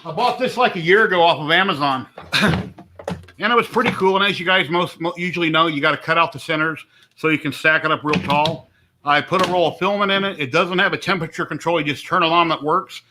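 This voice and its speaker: A man's voice: a little high, fast talker, pushed and bright, a little hiss or hum. A middle-aged man chatting casually and rambling on a home live stream, easygoing and talkative. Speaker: livestream host.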